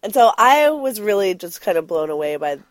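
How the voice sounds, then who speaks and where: A woman's voice: mid-range voice, big pitch swings, fairly quick, no room sound. A woman co-hosting a podcast in casual chat, playful and rambling with lots of fillers and laughter. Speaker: podcast co-host.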